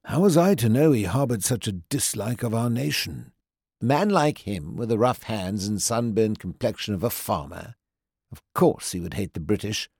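A man narrating a story in the first person, with a measured, even delivery. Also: on the low side, breathy edge, no room sound, clean studio sound. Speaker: audiobook narrator.

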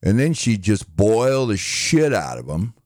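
A man impersonating a gentle, dim-witted middle-aged boxer who mumbles and rambles with halting, self-mocking speech. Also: lowish voice, big pitch swings, no echo, studio quality. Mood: rambling. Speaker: impressionist. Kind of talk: comedic impression monologue.

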